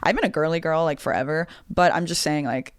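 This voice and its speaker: A woman's voice: sits low, brisk, smooth, no room sound, clean studio sound. A woman in her twenties hosting a podcast, chatting casually in a giggly, rambling, self-mocking way. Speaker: podcast host. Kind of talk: casual chat.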